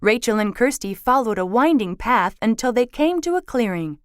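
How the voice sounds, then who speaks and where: A woman reading a children's storybook aloud, slow and expressive. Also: on the high side, no echo, studio quality.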